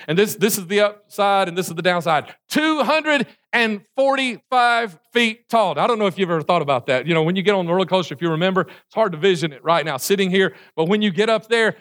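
A man, a pastor preaching a sermon and telling stories in an animated way. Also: sits high. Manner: animated storytelling, acting out prayers and screams.

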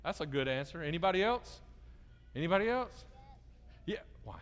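A man's voice: a little high, moderate pace. Man talking to kids in a church hall. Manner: lively, coaxing, asks children questions. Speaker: pastor. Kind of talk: children's sermon. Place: church sanctuary. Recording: long reverb of a large church hall.

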